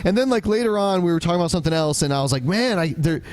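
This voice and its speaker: A man's voice: a little high, lively intonation, very fast, darkish tone, no room sound. A man co-hosting a casual podcast who retells stories animatedly and acts out the people he quotes. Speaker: podcast co-host. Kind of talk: casual chat, storytelling.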